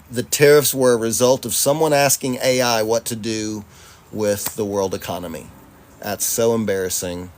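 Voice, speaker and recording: A relaxed man hosts a live chat stream in a mid-range voice. He talks loosely and profanely, calling his viewers y'all and breaking into easy laughter. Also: mid-range voice. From Charlotte, North Carolina, US. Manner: laid-back, profane, laughs often, addresses audience as y'all. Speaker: livestream host. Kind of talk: casual livestream chat reading viewer comments.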